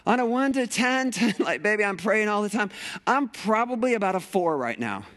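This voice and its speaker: A man preaching a conversational sermon in a church sanctuary, animated and playful with rhetorical questions. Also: high voice, moderate pace. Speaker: pastor.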